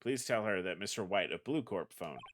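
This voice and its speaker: A man's voice: deep voice, expressive, moderate pace, fairly bright tone, slight background noise. A man voicing a young male hotel bellboy who speaks formally and deferentially, reading game dialogue on a stream. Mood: courteous. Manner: formal, deferential, says sir a lot.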